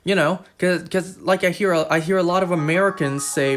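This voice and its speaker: A man's voice: fairly high pitch, brisk, few pauses. A man with a Canadian accent, chatting casually and rambling as a streamer while he plays. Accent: Canadian English. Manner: rambling, chatty, repeats himself. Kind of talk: casual chat while gaming. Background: game music.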